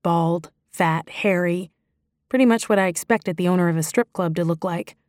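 A woman narrating a first-person novel in a steady, introspective storytelling voice. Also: on the low side, normal speed, no echo, studio quality. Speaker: audiobook narrator.

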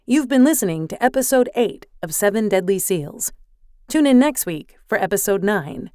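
A woman reading a scripted audiobook outro clearly and evenly, spelling out details. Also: mid-range voice, lively intonation, moderate pace, darkish tone, dry recording, studio quality. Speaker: audiobook announcer.

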